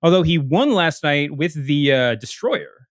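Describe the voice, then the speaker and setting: A man's voice: fairly high pitch, expressive, measured pace, no echo, studio quality. A man co-hosting a podcast in casual chat, rambling and cutting himself off with lots of fillers. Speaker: podcast co-host.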